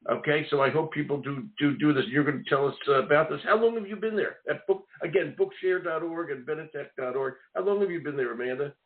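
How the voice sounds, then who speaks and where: A man's voice: a little high, quick pace, hardly any pauses. A man with a Philadelphia accent hosting a radio talk show, rambling and repeating himself, peppering his talk with "all right" and "okay". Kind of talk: casual radio interview. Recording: phone-like narrow sound.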